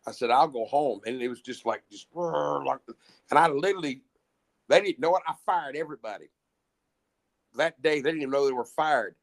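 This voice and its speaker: There's a creak to this middle-aged man's medium-pitched voice, and he talks at a normal speed. He's a musician on as a guest, casually telling long, meandering stories with lots of swearing and false starts.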